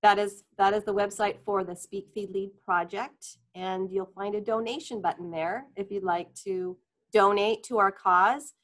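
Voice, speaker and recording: A woman's voice: medium pitch, steady tone, moderate pace, a bit bright. A woman co-hosting a radio talk show, chatty and upbeat, laughing easily. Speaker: radio co-host. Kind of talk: casual radio chat.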